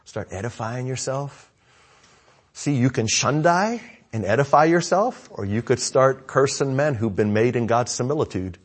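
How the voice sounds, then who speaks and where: A male pastor preaching in a conversational way, asking the congregation questions and calling for amen, swinging from loud to hushed. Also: medium pitch, expressive, normal speed. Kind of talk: sermon.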